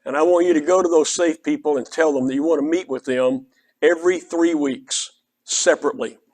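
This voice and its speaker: Earnest older Southern preacher, storytelling. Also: male voice, on the high side, a little fast, darkish tone. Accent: Oklahoma Southern. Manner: earnest, conversational, quotes others in dialogue. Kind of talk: storytelling sermon.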